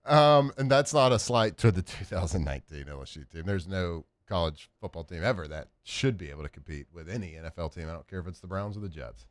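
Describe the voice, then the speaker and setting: A man's voice: deep voice, fast, few pauses, no echo. A man hosting a sports radio show, talking casually and animatedly with lots of fillers, in a studio. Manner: animated, rambling with many fillers.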